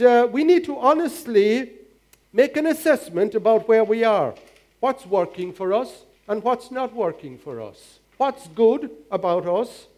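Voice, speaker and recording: An older male pastor delivers a sermon in a high voice. He is earnest and exhorting, leaning on rhetorical questions. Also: darkish tone.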